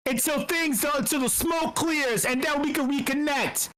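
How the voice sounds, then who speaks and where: At an online meetup, a participant rants heatedly and profanely, sounding exasperated and emphatic and frequently restarting sentences. The voice is high-pitched and fairly bright, delivered at a measured pace with hardly any pauses. The recording is rough.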